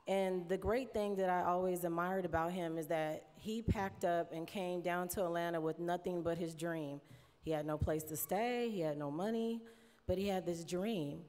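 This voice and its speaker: A woman with a drawl delivers a tribute from a podium, her voice sitting fairly low. She talks in a loose, chatty way, laughing often and getting close to tears. Her words ring out in a large hall with a long reverb tail. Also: steady tone, normal speed. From United States. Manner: warm, chatty, laughs often, mimics others in quotes. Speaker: award presenter giving an induction speech. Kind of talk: emotional tribute speech at a podium.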